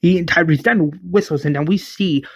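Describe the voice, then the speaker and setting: A man's voice: a little high, moderate pace, fairly bright tone, dry recording. A man casually retelling his own fan story, restarting words as he narrates. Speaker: series creator and narrator.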